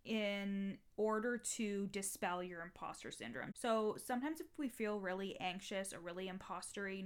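A woman's voice: medium pitch, clean tone. A young adult woman hosting a solo podcast as a coach, talking casually with lots of "like" and the odd swear word. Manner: chatty, heavy use of "like", occasional swearing. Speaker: podcast host and mindset coach.

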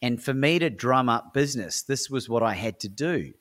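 Energetic Australian man telling a story. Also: mid-range voice, moderate pace. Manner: enthusiastic, motivational, with frequent fillers like "right?". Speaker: podcast guest, speaker and coach. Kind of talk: animated storytelling in a podcast interview.

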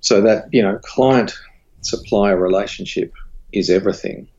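A husky-voiced Australian man talks a little slowly on a muffled recording. He's a studio owner and creative director appearing as a guest in a casual interview, candidly telling a story and recounting dialogue with animated, rising pitch.

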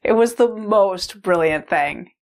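A middle-aged mother with a slow, creaky, mid-range voice tells a personal story in a casual, rambling manner, leaning heavily on "like" as a filler.

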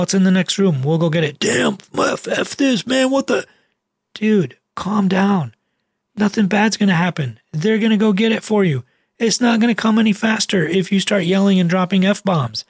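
Male doctor, casual vlog, husky and pitched a bit high, keeps it slangy and emphatic. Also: no echo, clean studio sound. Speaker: physician.

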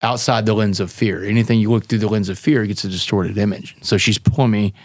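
A man's voice: lowish voice, steady tone, brisk, no echo, studio quality. A middle-aged man, a podcast guest, candidly tells a story and acts out the dialogue he quotes. He calls the listener "man" and "brother".

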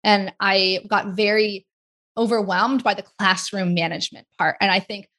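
A woman in her forties, a guest in an interview, talking casually and chattily with quick asides. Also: mid-range voice, steady tone, a bit bright. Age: 40s.

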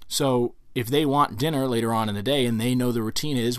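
A man's voice: mid-range voice, brisk, no echo, clean studio sound. A man hosting a podcast, explaining dog training in a conversational way and acting out examples. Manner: conversational, acts out examples, lively. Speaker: podcast host giving dog training advice. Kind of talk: casual instructional monologue.

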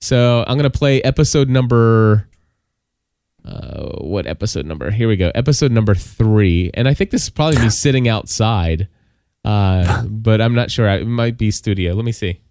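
A man hosting a podcast in casual chat, talking fast with many stammered restarts. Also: fairly low pitch, expressive, darkish tone, no echo, clean studio sound. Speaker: podcast host.

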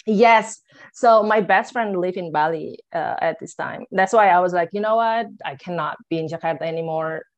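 A woman's voice: fairly low pitch, normal speed, lo-fi sound. A young woman telling her own story as an interview guest. She acts out what she and others said and leans on filler words. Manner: loose phrasing with many "like" and "you know" fillers. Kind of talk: personal storytelling in conversation.

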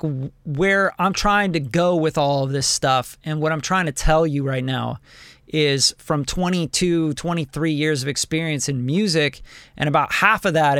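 Gravelly, blunt male podcast host. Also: a little high, no echo. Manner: blunt, profane, animated mentoring rant. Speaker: podcast host, music producer. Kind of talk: motivational solo podcast talk.

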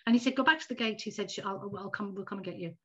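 A woman in her fifties telling a personal story in a casual, animated chat as a podcast guest. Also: mid-range voice, racing. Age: 50s. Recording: dull lo-fi audio.

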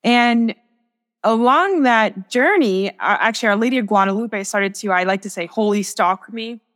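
A woman's voice: a little high, moderate pace, a bit bright, long reverb tail. A young woman, a sacred artist, speaking as a guest in a podcast interview, telling a personal faith story in an earnest, reflective way with many restarts.

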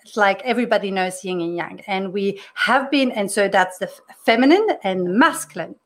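A woman's voice: mid-range voice, moderate pace. A middle-aged woman whose first language is not English, a career coach talking earnestly through a personal story in a podcast monologue, with frequent restarts.

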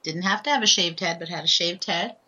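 A woman with a low voice that still comes across bright and forceful shares a heartfelt personal story as a podcast guest. Her tone is slightly husky, and she speaks earnestly, often pausing to ask "right?". The recording sounds dull and lo-fi. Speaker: guest, author and transformational speaker.

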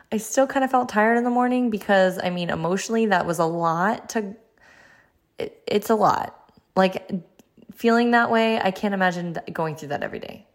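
A young woman hosting her own solo podcast, chatting earnestly and encouragingly with lots of casual fillers. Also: fairly low pitch. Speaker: podcast host.

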